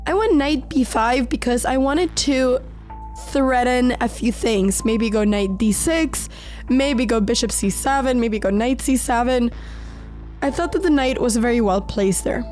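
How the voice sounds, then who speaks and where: A woman narrating her own chess game in a calm, measured voice-over, slightly sick with an occasional crack in her voice. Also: a little high. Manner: calm, measured storytelling of moves. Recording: voice-over with faint background music.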